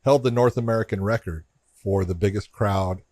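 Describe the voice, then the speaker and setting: Low-voiced man telling a long story. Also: moderate pace, darkish tone, no room sound. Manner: rambling anecdote, acts out both sides of conversations. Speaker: podcast co-host and MMA referee. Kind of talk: casual storytelling on a podcast.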